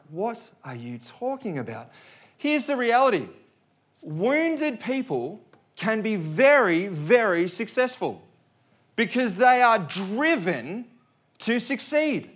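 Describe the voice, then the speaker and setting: Joking, chatty male preacher. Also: sits high. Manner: conversational, joking with the congregation. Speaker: pastor. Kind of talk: sermon.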